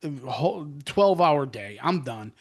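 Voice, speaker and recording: A man's voice: a little high, very animated, normal speed. A middle-aged man co-hosting a podcast, complaining sarcastically with lots of profanity. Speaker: podcast co-host. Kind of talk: casual chat.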